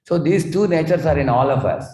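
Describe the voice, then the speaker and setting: A man's voice: a little high, animated, brisk, warm tone, a little hiss or hum. Man teaching a spiritual talk in an echoey hall. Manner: explanatory, storytelling, asks rhetorical questions. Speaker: monk giving a talk. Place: hall with a gathered audience.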